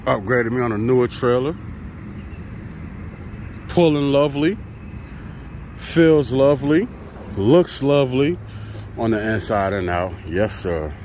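Slow, animated trucker man. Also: medium pitch, slight background noise. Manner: laid-back, chatty, talks straight to viewers. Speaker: truck driver vlogger. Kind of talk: casual vlog talk to camera. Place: outdoors by a truck at a loading site.

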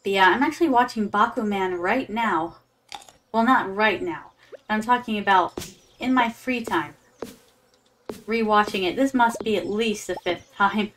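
A woman VTuber talks casually over a farming game, dropping Japanese words and calling chat "my darlings." Her mid-range voice is fairly bright and a little slow. A little hiss or hum sits under the audio.

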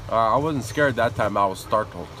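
A man's voice: lowish voice, brisk, noisy background. A man streaming a shooter game, talking casually and cursing at other players as he plays. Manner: profane, animated trash talk. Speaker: live streamer. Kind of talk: casual gameplay commentary.

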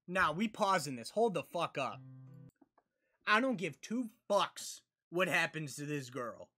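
Male reaction host, profane and furious, loud outbursts, lively bright delivery. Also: a little high, a little slow, soft background music. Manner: profane, yelling outbursts at the screen. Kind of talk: live reaction commentary.

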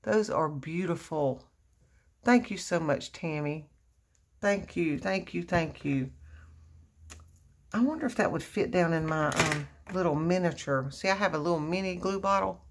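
A woman, her voice sitting on the lower side. She talks at an unhurried, drawn-out pace and gushes with delight over crafts, full of exclamations. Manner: gushing, effusive exclamations, frequent laughs. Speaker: crafting vlogger opening happy mail. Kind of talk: casual unboxing chat.

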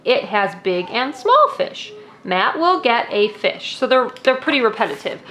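A woman's voice: a little high, very animated, moderate pace, bright, forceful tone, slight background noise. A young woman casually demonstrating classroom activities, explaining each step with friendly "um"s.

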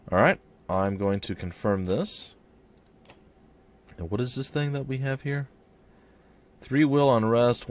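A man's voice: lowish voice, darkish tone. A young man hosting a let's play, chatting casually about his choices and reading the game's text aloud. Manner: chatty, reads in-game text aloud and voices characters lightly. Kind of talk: casual gameplay commentary with dialogue read aloud.

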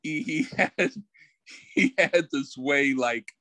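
A man's voice: on the high side, sharp tone, no echo, rough recording. A man co-hosting a casual podcast, telling anecdotes and laughing at them. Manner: unhurried storytelling, laughing at his own anecdotes. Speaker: podcast co-host. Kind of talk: casual chat.

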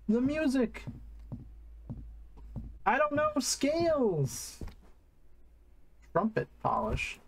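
A man's voice: high voice, big pitch swings, slow pace, creaky, long pauses, slight background noise. A man casually commenting while streaming a game, wry and self-deprecating.

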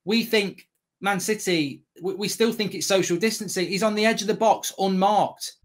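A man's voice: high voice, normal speed. A man frustrated at his team's defending, reacting during a live match watchalong. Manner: frustrated, analytical, stammering.

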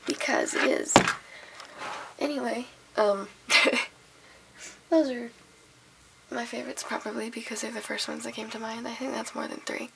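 Sick young woman with a gravelly voice. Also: on the high side, steady tone, unhurried, pauses often, noisy background. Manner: rambling, giggly, scattered. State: sick, hoarse. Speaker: vlogger. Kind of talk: casual chat.

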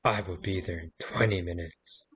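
A man voicing a creepy male phone caller in a spoken campfire story, low and slow. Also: fairly even intonation, a bit bright, slightly rough.

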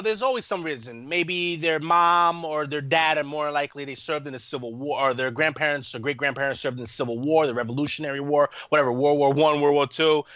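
A man in his thirties, a guest on an interview podcast, telling a story in a rambling, animated way with lots of fillers. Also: on the high side, dry recording. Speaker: podcast guest, army veteran. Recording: muffled lo-fi, dry room.

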